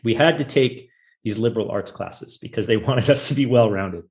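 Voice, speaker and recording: A man's voice: mid-range voice, normal speed. A man hosting a podcast, trading laid-back, joking stories in casual interview chat. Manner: laid-back, joking, self-deprecating anecdotes. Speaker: podcast host.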